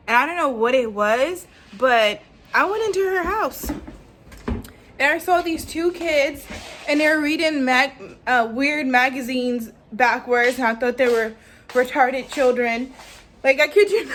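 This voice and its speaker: A woman's voice: fairly high pitch, a bit bright. A woman vlogger with a New York accent telling a long childhood story in a rambling, casual way, full of "like" and "um". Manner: rambling, filler-heavy, lots of "like".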